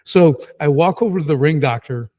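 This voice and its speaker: A middle-aged man, a podcast guest, telling his story in a casual, lively and emphatic way. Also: fairly high pitch, normal speed. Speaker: guest entrepreneur.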